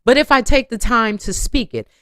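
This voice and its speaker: A woman's voice: a little high, moderate pace, sharp tone, no room sound, clean studio sound. A woman voice teacher giving an online singing lesson, encouraging her students and breaking into sung phrases and vocal exercises.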